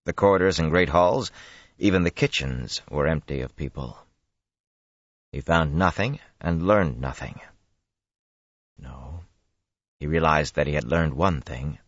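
A man reading a fantasy audiobook in a measured, grave manner. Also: extremely low pitch, no room sound, lo-fi sound. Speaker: audiobook narrator. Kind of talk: scripted fantasy narration.

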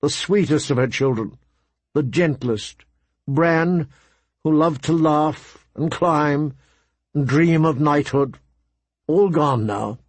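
A man's voice: fairly high pitch, slow pace, pauses often, husky, no echo. Man reading a story aloud. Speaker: narrator. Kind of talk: audiobook reading.

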